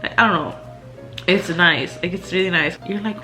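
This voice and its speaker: A woman's voice: mid-range voice, fairly quick, bright, forceful tone, faint music behind. A young woman vlogger talking candidly at home in a chatty way, with lots of fillers and laughs. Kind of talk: casual chat. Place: indoors at home.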